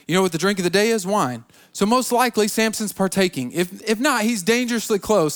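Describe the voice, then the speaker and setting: A high-voiced man delivers a sermon in a loose, conversational way. He retells the story with asides and slips into the characters' voices as he goes. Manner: animated storytelling, acting out biblical characters. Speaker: pastor.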